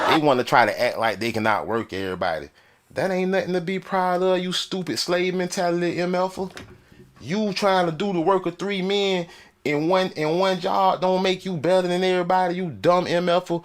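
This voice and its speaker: A man delivering a loud, profane, mocking comedic rant on a desk mic with a soundboard. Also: high voice, a little fast. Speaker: comedic commentator.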